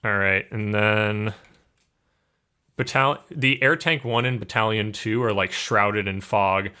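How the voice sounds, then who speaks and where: A young man narrating as game master, describing scenes in a relaxed way with many fillers. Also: lowish voice, a little slow, clear, resonant tone.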